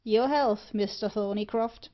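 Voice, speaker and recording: A woman's voice: medium pitch, measured pace, lightly acted. A jolly, unbothered rascal who helps himself to food and wine, put on by a woman. The storybook recording sounds muffled and lo-fi. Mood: jovial. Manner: breezy dialect speech. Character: jolly greedy male dog-thief rogue.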